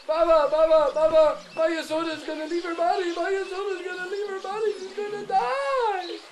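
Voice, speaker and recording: A man putting on a frantic high-pitched cowherd girl. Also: fairly even intonation, brisk, over a noisy crowd. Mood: panicked. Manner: breathless, urgent repetition. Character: frantic cowherd girl bringing alarming news.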